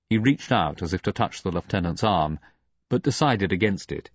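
A man narrating an audiobook in a dramatic, expressive reading. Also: deep voice, moderate pace, no room sound, dull audio. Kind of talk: scripted narration.

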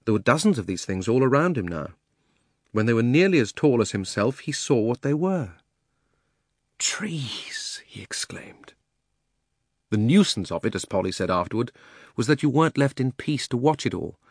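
A man narrating a children's fantasy audiobook in a measured, expressive storytelling manner. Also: mid-range voice, no room sound, clean studio sound. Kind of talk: audiobook reading.

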